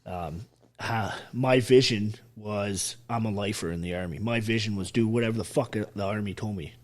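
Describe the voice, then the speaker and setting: A man in his thirties, a former soldier from Canada, telling his life story in a casual interview with lots of swearing and animated retelling. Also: fairly low pitch, normal speed. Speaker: podcast guest, former soldier.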